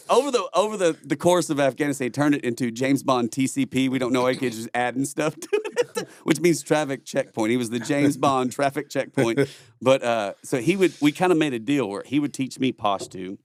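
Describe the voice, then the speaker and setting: On a podcast, a middle-aged ex-Marine guest rambles through war stories in a casual storytelling chat, laughing a lot and swearing freely. His medium-pitched voice comes through in a dry, studio-quality recording.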